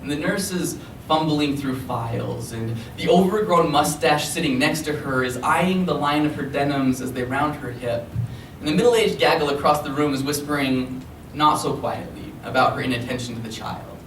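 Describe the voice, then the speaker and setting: A man performing slam poetry at a live reading, with an expressive, rhythmic delivery and chatty asides between poems. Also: a little high, normal speed. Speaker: poet. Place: library event room. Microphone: recorded from a distance. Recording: echoey room from far off, faint background noise.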